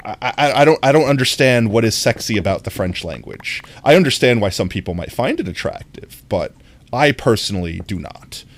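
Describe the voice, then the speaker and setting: A man's voice: medium pitch, big pitch swings, fairly quick. A young man streaming live, rambling through casual chat and reacting to his viewers, with lots of fillers and easy laughter. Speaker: livestreamer.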